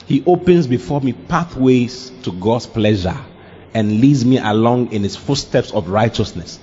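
Animated preacher, lively swoops. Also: male voice, mid-range voice, normal speed, a little hiss or hum. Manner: animated, laughing, mimics voices, breaks into shouts. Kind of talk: lively sermon. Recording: dull lo-fi recording.

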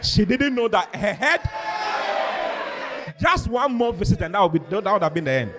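A man, a pastor preaching a sermon, telling stories with lively mimicry of voices and frequent laughter. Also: sits high, moderate pace, pauses often, a crowd in the background. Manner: animated storytelling, mimics voices, laughs often.

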